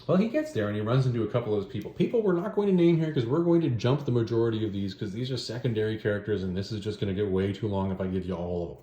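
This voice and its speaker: A man's voice: on the low side, very fast, few pauses. A man hosting, giving a rambling, joking recap of a story in a casual way. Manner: rambling, joking, animated retelling. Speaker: host reviewing stories and comics. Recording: roomy echo.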